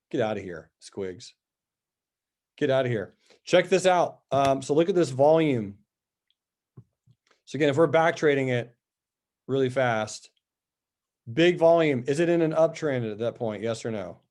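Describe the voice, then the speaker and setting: A man's voice: mid-range voice, a little mellow. Upbeat man going over stock charts. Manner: upbeat, chatty, talks straight to viewers; reads out viewer questions and answers them. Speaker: stock trading host. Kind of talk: live market commentary over charts.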